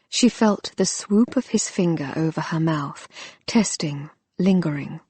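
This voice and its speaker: A woman narrates a romance audiobook in a soft, intimate and unhurried way. Her voice is husky and a little low. The sound is close and dry, with no room echo.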